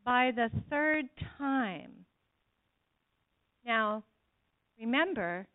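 A woman's voice: fairly high pitch, expressive, drawn-out words. A woman giving an earnest sermon testimony to a church congregation, speaking to them directly. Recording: tinny phone-like sound.

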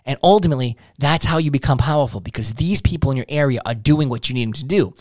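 A man's voice: medium pitch, fast, a little mellow, dry recording, clean studio sound. A man coaching on sales in blunt, profane casual talk, acting out little dialogues as he tells stories. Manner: blunt, swearing, acts out dialogues. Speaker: sales trainer.

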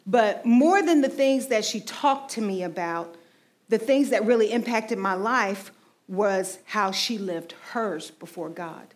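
A woman in her forties tells a faith testimony in a loose, chatty manner. Her voice sits at a middling pitch. She peppers her story with "you know". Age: 40s. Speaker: ministry team speaker.

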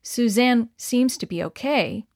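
A woman's voice: on the high side, a little slow, darkish tone, dry recording, studio quality. Capable mother, as a woman reader puts her on. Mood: dazed.

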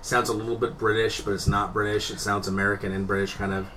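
A man co-hosting a casual podcast chat, laughing often and talking with lively pitch jumps. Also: quick pace. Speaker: podcast co-host. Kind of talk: casual banter. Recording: distant mic with faint noise.

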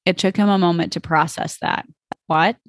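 A woman's voice: on the low side, fairly even intonation, a little fast. A woman podcast host reading fan fiction aloud in a plain storytelling voice, with small stumbles.

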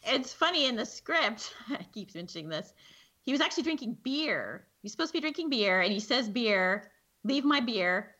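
A woman co-hosting a casual chat about a TV show, making quick remarks. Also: fairly high pitch, big pitch swings, sharp tone. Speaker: podcast co-host.

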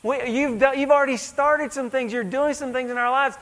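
Man, pastor, sermon, very high voice, emphatic, church reverb. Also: fairly even intonation, a little fast, a bit bright. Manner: emphatic, calls for "amen", repeats phrases.

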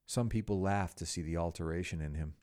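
A man narrating a classic story as a podcast host, expressive with wry asides. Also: deep voice, fairly quick.

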